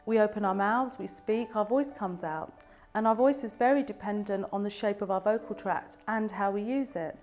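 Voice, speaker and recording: A woman with a mid-pitched voice talks through a subject in a measured, clear way. She sounds like a patient professional teaching to camera. Faint music plays quietly behind her. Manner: calm, clear and measured explaining. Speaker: speech and language therapist. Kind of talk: explanatory educational talk to camera.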